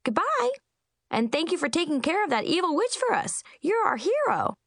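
Woman voicing a squeaky, eager Munchkin boy. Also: moderate pace, vocal fry, no echo, clean studio sound, exaggerated voice. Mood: cheering. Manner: excited, eager, gushing. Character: cheerful little male Munchkin schoolboy.

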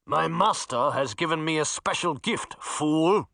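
A man's voice: fairly high pitch, animated, a little slow, vocal fry, bright, forceful tone, no room sound, exaggerated voice. A menacing masked knight growls his threats in a muffled voice, played by a man reading a storybook. The sound is dry and close.

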